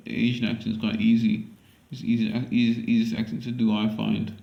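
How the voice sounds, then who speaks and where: A man's voice: on the low side, little pitch movement, fairly quick, creaky, echoey room, lo-fi sound. A man with a London accent recording a casual audition at home, hesitant and repeating himself as he muses aloud.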